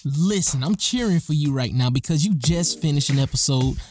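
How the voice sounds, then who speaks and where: A man's voice: on the high side, expressive, moderate pace, a little mellow, faint music behind. A man hosting a motivational podcast, talking earnestly and emphatically and repeating his key lines for effect. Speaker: podcast host.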